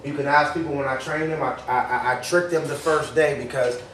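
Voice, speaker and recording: Energetic male trainer in an echoey room. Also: fairly high pitch, brisk. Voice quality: energetic, repeats words when starting sentences. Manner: acts out phone calls in a raised voice. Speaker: sales workshop trainer. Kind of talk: live training talk to a group. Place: workshop room. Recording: echoey room from far off, faint noise.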